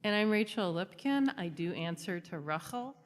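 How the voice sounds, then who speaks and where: A woman's voice: on the low side, moderate pace. A woman leading songs at a service, making casual remarks and laughing easily. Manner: laughs easily, relaxed and friendly. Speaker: song leader.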